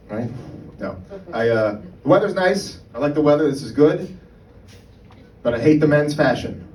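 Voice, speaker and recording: On a club stage, a man performs stand-up into a mic on a stand, speaking conversationally with plenty of profanity and repeatedly asking "right?" His voice is medium-pitched with a darkish tone. The mic is far away in a roomy live space with background noise.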